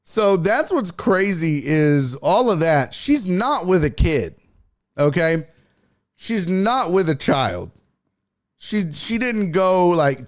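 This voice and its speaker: Animated, profane sports talk host. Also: male voice, sits high, slow pace. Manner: profane, animated, reads chat aloud. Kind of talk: casual livestream commentary.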